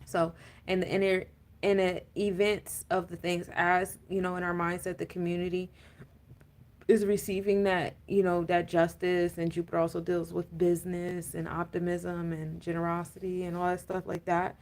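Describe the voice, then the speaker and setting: A woman's voice: on the low side, little pitch movement, normal speed, darkish tone. A woman giving a casual, rambling astrology and tarot talk, full of fillers and laughing rants. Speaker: spiritual coach and tarot reader.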